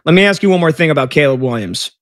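Chatty sports-talk host, somewhat high voice. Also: male voice, expressive, very fast, fairly bright tone. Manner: chatty, leading questions and asides. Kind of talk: casual sports talk, reacting to a live game.

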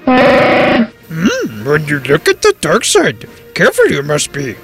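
A man's voice: high voice, huge pitch swings, slow pace, vocal fry, a bit bright, very echoey, faint music behind, exaggerated voice. A man voicing a wise ancient little alien master who hums and speaks in inverted phrases. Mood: cryptic. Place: office.

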